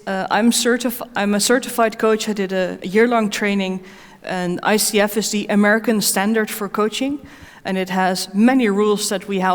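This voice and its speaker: Woman coach at a conference q&a, mid voice, lots of ums and restarts, big echoey hall. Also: medium pitch. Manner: hesitant, many fillers and restarts. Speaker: conference speaker and certified coach. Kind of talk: conference Q&A answer.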